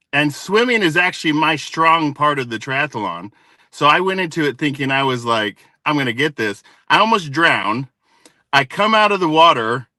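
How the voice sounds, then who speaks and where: Guy hosting a chill panel chat, super bright voice, slightly high, tells jokey stories. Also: dry recording. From Tonga. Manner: joking, storytelling, says dude often. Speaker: host. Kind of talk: casual live panel chat.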